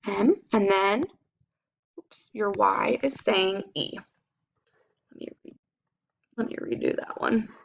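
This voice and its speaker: A woman teacher giving a phonics lesson to children, spelling out sounds slowly and clearly. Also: mid-range voice, a little hiss or hum.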